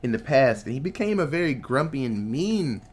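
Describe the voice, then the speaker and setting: A podcast co-host giving an excitable, profane, casual movie recap. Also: medium pitch, moderate pace, husky. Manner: excitable, profane, laughing often.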